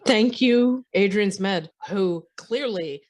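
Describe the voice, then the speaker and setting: A woman's voice: medium pitch, slow pace, a little mellow. A woman co-hosting a movie podcast in casual chat, enthusiastic and emphatic, swearing now and then. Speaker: podcast co-host.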